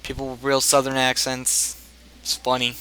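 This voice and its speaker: A man's voice: mid-range voice, completely flat delivery, normal speed, sharp tone, a little hiss or hum, low-quality recording. A man from the United States giving casual, joking, rambling commentary over a video game on a headset mic. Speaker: game let's play host.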